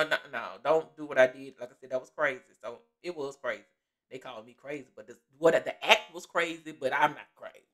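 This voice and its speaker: Animated woman telling a storytime tale. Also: low-pitched. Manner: animated, laughing often, acting out quoted voices; Southern Black American vernacular, calls listeners baby. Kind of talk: casual storytime vlog.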